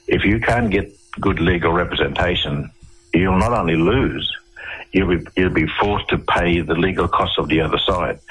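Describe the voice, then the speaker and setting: A man's voice: sits low, fairly bright tone, husky, rough recording. An Australian man, a guest in a radio interview, telling long personal stories and voicing the people in them. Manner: long-winded storyteller, voices others in quotes.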